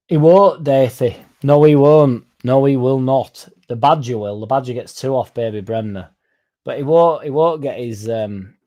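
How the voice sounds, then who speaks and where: A man's voice: on the low side, warm tone. A young man hosting a casual livestream, reading out comments and going off on sweary, rambling tangents. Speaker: fan channel livestream host.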